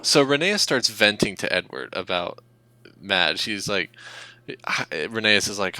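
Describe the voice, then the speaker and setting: Low-voiced man with a bright, dry sound. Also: expressive, measured pace, no echo. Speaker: podcast co-host. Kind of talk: casual chat.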